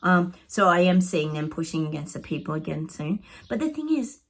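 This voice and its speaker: A woman with a lowish, husky voice chats to her viewers as a psychic, reading oracle cards. She sounds excitable and conversational and keeps calling her audience "guys". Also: normal speed. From Australia. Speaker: psychic vlogger. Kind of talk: casual oracle card reading to camera.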